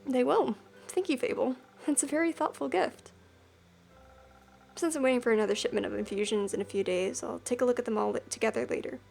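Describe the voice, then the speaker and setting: A woman's voice: on the high side, a little fast, creaky. A woman voicing a tavern keeper in a game, speaking kindly and encouragingly to customers. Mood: reassuring. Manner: warm, encouraging. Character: calm, kind tavern keeper reassuring customers.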